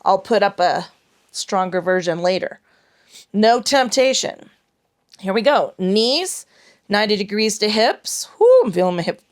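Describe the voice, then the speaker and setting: Brief: woman yoga teacher, mid-pitched voice, talks students through breath and leg lifts with blunt, playful profanity. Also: expressive, a little slow. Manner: profane, frank and playful while cueing breath. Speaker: yoga instructor. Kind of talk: guided yoga class instruction.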